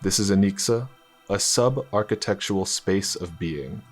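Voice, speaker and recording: A man voicing an ancient cosmic star-being who speaks in a formal, measured and portentous way. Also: lowish voice, faint music behind, natural voice. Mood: solemn.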